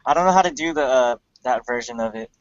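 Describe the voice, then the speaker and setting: A man chatting on a livestream, hesitant and quick to laugh. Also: medium pitch, no echo, dull audio. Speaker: livestream co-host. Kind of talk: casual group chat on a livestream.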